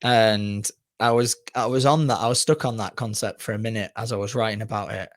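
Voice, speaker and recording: A man co-hosting a podcast, chatting casually and haltingly, with fillers and a mild curse. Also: fairly low pitch, steady tone. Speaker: podcast co-host.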